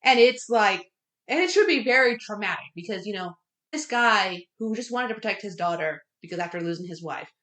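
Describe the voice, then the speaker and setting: A woman's voice: mid-range voice, expressive, a little fast, a bit bright, echoey room, far from the mic. A woman co-hosting a casual movie review podcast, recapping the plot in a chatty way with plenty of fillers. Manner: chatty retelling with fillers, laughs at the effects. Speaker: podcast co-host.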